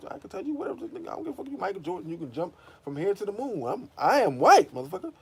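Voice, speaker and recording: Man doing a mocking coach voice, high, arrogant, taunting, profane. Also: big pitch swings, rapid-fire, gravelly, husky, heavily acted. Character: arrogant white male coach yelling at a star.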